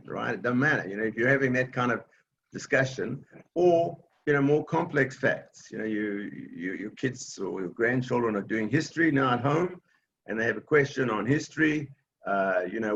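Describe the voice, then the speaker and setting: Gravelly man teaching an online class. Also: medium pitch, animated, normal speed, fairly bright tone, muffled recording, a little hiss or hum. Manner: patient, plain explaining with many fillers and restarts. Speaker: technology class instructor.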